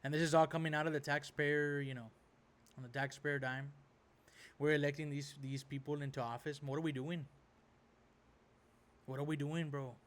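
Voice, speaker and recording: A man's voice: a little high, flat delivery, moderate pace, pauses often. A man hosting a reaction video, ranting casually in a rambling way and tossing in "right?" and "bro" as he goes.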